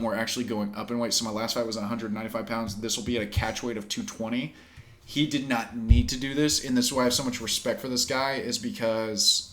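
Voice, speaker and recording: A man chats casually on a podcast with a bright, forceful voice. He tells his stories with animation, acting out the quoted lines and laughing along the way. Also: mid-range voice. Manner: animated storyteller who acts out quotes and laughs. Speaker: pro fighter and podcast co-host.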